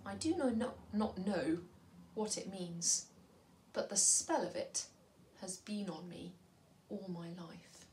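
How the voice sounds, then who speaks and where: A noble, courageous male mouse from a children's storybook speaks with earnest solemnity, as a woman reads his lines. The delivery is slow and unhurried. It often sinks to a near-whisper. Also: mid-range voice, darkish tone, slight background noise, close to an everyday voice. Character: brave, noble, courtly male talking mouse.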